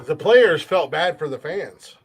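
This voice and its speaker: A man's voice: on the high side, animated, a little slow, husky. A man hosting a podcast in casual chat, joking, rambling and swearing a lot. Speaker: podcast host.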